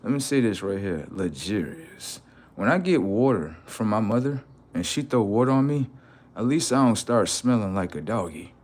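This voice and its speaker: Guy ranting on his livestream, kinda low voice, keeps firing questions at chat, slangy and preachy. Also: very animated, normal speed. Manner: preachy, talks in rhetorical questions and street slang. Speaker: livestream host. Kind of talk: confrontational livestream monologue.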